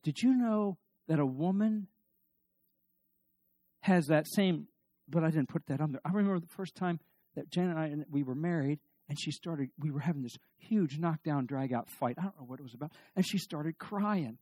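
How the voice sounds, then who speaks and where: A middle-aged man giving a humorous talk on marriage to a live audience, animated and joking, often restarting his sentences. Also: sits high, moderate pace, no echo. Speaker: speaker on marriage.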